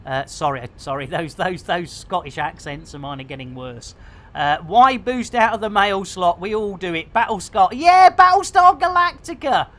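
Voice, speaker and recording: A man's voice: high voice, lively intonation, normal speed, sharp tone. A man giving playful, theatrical commentary on a live game stream. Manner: jokey, theatrical, lots of pet phrases.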